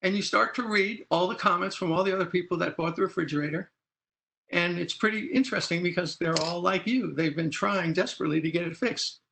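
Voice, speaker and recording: A middle-aged man leads an animated talk on consumer rights and plays out phone calls line by line. His voice sits a little high and rings bright and forceful. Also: a little fast, vocal fry, slight background noise. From Texas. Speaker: consumer advocate columnist. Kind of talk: presentation.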